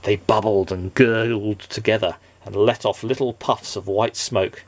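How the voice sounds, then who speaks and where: A man, a father, reading a children's storybook aloud in a gentle, expressive way. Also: lowish voice, unhurried.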